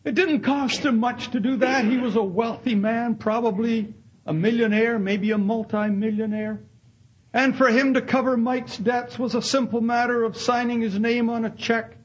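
Earnest male preacher, high husky voice, storytelling sermon. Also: fairly even intonation, normal speed, lo-fi sound. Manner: earnest, acts out voices in quoted dialogue. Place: Canada.

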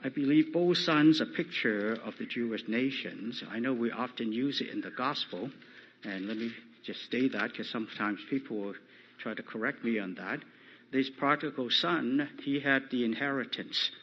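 Husky male preacher, unhurried emphatic delivery, dull lo-fi recording. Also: mid-range voice. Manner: slow, emphatic, rising loud on quoted scripture. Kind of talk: sermon.

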